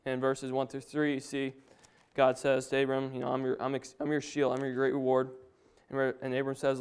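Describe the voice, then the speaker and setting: A man's voice: mid-range voice, little pitch movement, normal speed, hardly any pauses, clear, resonant tone. Nervous young man preaching casually. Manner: nervous, chuckling, casual asides. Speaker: young preacher giving a family Bible talk. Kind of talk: informal sermon.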